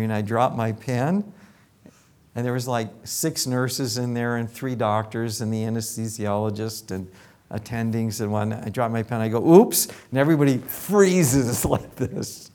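An older man, a dentist, telling casual anecdotes about his patients and acting out what people said. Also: medium pitch. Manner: animated anecdotes with acted quotes. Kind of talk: casual storytelling.

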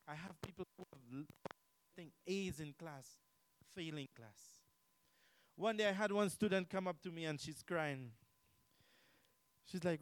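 A man preaching with a fairly high voice, full of rhetorical questions and repeated lines. He swings from loud declarations to quiet asides, recorded close and dry with no room sound. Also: animated, normal speed, pauses often, no echo, rough recording. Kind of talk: sermon.

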